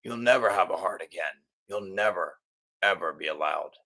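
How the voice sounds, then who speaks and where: A middle-aged man hosts his own angry monologue, his voice strained and piercingly tense. He swears constantly, restarts his sentences and presses on in agitation. A gravelly rasp runs under his low voice. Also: normal speed, bright, forceful tone. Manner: profane, agitated, stumbling restarts. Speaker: channel host.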